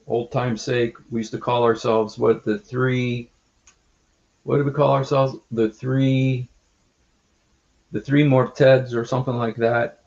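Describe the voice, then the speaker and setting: A man chats casually on a livestream, stopping and restarting often. His voice has a gravelly texture, and the stream audio is muffled and low-fidelity. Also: little pitch movement, a little mellow. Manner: halting, many fillers and restarts. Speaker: livestream host.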